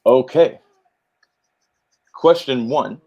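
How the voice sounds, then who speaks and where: A man's voice: medium pitch, very slow, dark tone. A man hosting a casual livestream trivia game, chatty and upbeat with announcer-style hype and many fillers, over muffled lo-fi audio. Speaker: trivia game show host.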